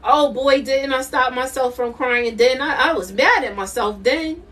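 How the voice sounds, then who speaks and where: A woman's voice: sits high, unhurried, a bit bright, distant mic. A middle-aged woman doing a live tarot reading, emphatic and repetitive, laughing often. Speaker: intuitive tarot reader.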